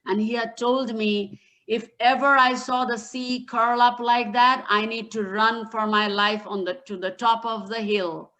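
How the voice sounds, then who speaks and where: A woman's voice: fairly high pitch, steady tone, a little slow, few pauses, bright, forceful tone, rough recording. A woman voicing an old grandfather in a spoken story, commanding and urgent. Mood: solemn.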